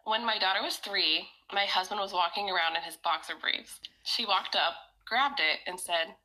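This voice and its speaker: A young woman co-hosting a podcast, telling stories in an animated way and laughing readily. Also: medium pitch, normal speed, rough recording. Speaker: podcast co-host. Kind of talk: casual chat.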